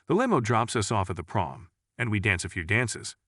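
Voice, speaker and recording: A man reading jokes aloud in a lively, storytelling way. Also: fairly low pitch, moderate pace, no room sound, clean studio sound. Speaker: joke narrator. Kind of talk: scripted joke reading.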